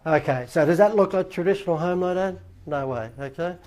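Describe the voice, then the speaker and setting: A man's voice: sits high, brisk, a little mellow. An Australian man hosting his own show, telling a rambling anecdote and acting out the dialogue he quotes. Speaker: host. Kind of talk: casual anecdotal storytelling.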